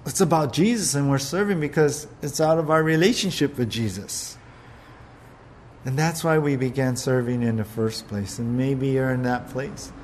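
A man preaching slowly and earnestly, his voice sitting a little high for a man. He often repeats words as he works through a point. He keeps asking his listeners questions. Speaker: pastor. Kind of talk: sermon.

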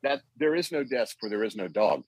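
A woman's voice: extremely low pitch, animated, a little fast, darkish tone, breathy edge, dry recording. A young woman hosting a podcast quiz, teasing her guests in a mock-formal way. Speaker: podcast host and quizmaster. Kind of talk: casual chat.

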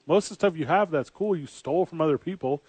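A man's voice: a little high, quick pace, a little mellow, slightly rough, dry recording. A man co-hosting a casual sports chat, joking and rambling with lots of fillers. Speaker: podcast co-host.

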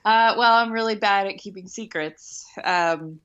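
A woman's voice: medium pitch, a little slow, a bit bright, clean tone, lo-fi sound. A woman in her late thirties from Houston, chatting casually as a podcast host in a wry, self-mocking way with plenty of ums and likes. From Houston, United States. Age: late 30s. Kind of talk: casual chat.

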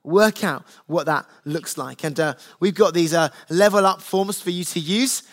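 A man's voice: on the high side, moderate pace. A man preaching a conversational sermon to his church, earnest and plain-spoken, with stories from his family table. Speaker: pastor.

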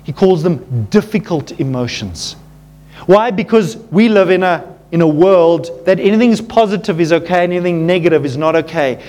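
A man preaching a sermon as pastor, earnest and animated, calling his listeners folks and dropping low and quiet at tender moments. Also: moderate pace.

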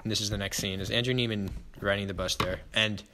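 A man's voice: fairly low pitch, fairly even intonation, quick pace, background noise. A man co-hosting a casual podcast, animatedly retelling a film scene by scene with frequent "like"s. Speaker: podcast co-host.

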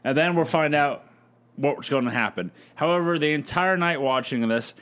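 A man's voice: on the high side, normal speed, fairly bright tone, clean tone. A man co-hosting a casual podcast chat, loose and profane, often quoting others in put-on voices. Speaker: podcast co-host.

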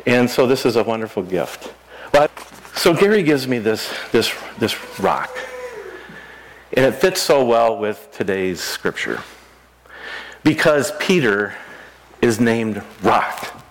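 A middle-aged pastor preaches in a church in an easy, conversational way. He asks the congregation questions, and his pitch rises and falls a lot as he talks. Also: very animated, slow pace, long pauses. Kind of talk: sermon. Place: church sanctuary.

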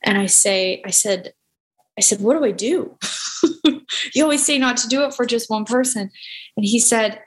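A woman's voice: fairly high pitch, measured pace, long pauses. A woman hosting a podcast, talking in an effusive way with loose, looping phrases. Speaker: podcast host. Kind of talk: casual podcast conversation.

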